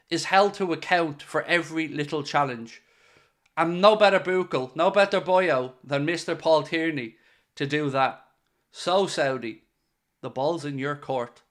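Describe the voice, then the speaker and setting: Irish male fan-channel host, casual solo commentary, wry and sarcastic, voice sits a touch high. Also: fairly bright tone. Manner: playful, sarcastic, mock-serious pitching.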